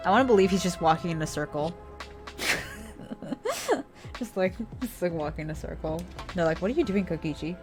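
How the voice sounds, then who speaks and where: A woman's voice: lowish voice, animated, moderate pace, pauses often, over music. Chatty young woman streaming a game. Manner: chatty, laughs often, swears freely. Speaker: let's-play streamer. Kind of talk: casual game commentary.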